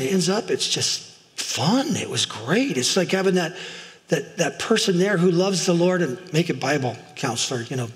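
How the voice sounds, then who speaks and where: A middle-aged man preaching as a pastor in a church, chatty and self-deprecating, often asking his listeners "right?". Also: high-pitched. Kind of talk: sermon. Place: church sanctuary, in front of a congregation. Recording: long hall reverb.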